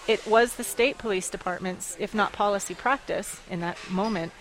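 A woman running an advocacy group, speaking in a radio interview with lively storytelling and frequent laughs. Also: mid-range voice, moderate pace, rough recording. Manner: animated storytelling, quotes others, laughs often. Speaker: executive director of an advocacy group.

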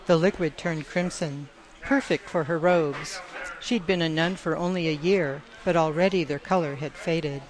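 A woman author, a radio guest, reading her own folk tale aloud with measured storytelling. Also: lowish voice, slight background noise.

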